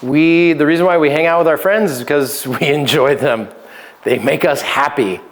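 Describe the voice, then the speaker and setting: A male pastor with a notably high voice teaches a seminar on relationships. He talks casually and jokes with his listeners. He laughs often and keeps checking in with a quick "right?". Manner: conversational, keeps asking "right?".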